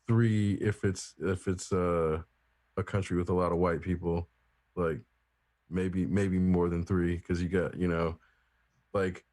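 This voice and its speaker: A man's voice: low-pitched, a little mellow, no room sound. A man co-hosting a casual discussion podcast, talking in a thoughtful, hesitant way with many fillers and restarts. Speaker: podcast co-host.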